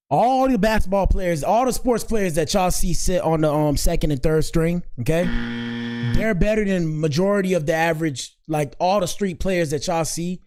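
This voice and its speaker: Man, host, casual clip commentary, laid-back, slangy, slightly high voice. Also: a little mellow.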